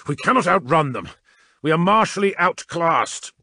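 A man voicing a proud, embittered male warrior captain in an audiobook, talking gruffly in clipped lines. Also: medium pitch, lively intonation, moderate pace, no echo, clean studio sound. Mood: bitter, angry. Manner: gruff, clipped, flaring into shouts. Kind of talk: audiobook character reading.

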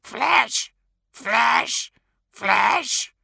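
A man voicing a flock of hungry, cackling crows with shrill squawking cries. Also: animated, very slow, creaky, sharp tone, breathy edge, dry recording, clean studio sound, heavily acted. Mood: greedy squawking.

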